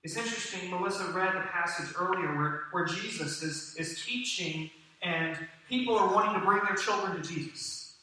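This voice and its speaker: A pastor with a high-pitched, bright and forceful voice preaches to his congregation at a moderate pace, speaking conversationally and putting questions to his listeners. He's recorded from a distance in an echoey church hall, with slight background noise.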